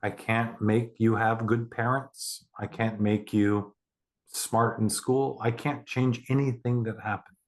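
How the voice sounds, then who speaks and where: A man with a fairly low voice guides the listener through a meditation. He talks slowly and calmly, leaving long pauses, and speaks straight to the listener in a reassuring way. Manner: slow and deliberate with long pauses.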